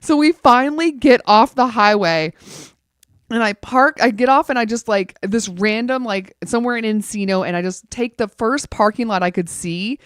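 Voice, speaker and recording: A woman in casual podcast chat, telling an animated story full of "like" fillers. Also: fairly high pitch, moderate pace, clean tone, dry recording, clean studio sound.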